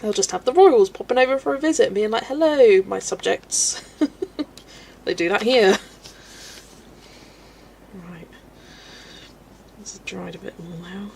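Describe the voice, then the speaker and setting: Chatty woman with a gravelly voice. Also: mid-range voice, moderate pace, pauses often, a little mellow, a little hiss or hum. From United Kingdom. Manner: chatty, rambling, laughs often, reads chat aloud. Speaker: livestream host reading chat. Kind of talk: casual chat while colouring.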